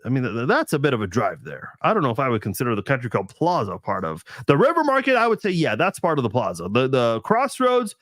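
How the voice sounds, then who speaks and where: A man's voice: mid-range voice, huge pitch swings, quick pace, few pauses, fairly bright tone, no room sound. A man hosting a casual live stream chat, thinking aloud with lots of restarts and fillers.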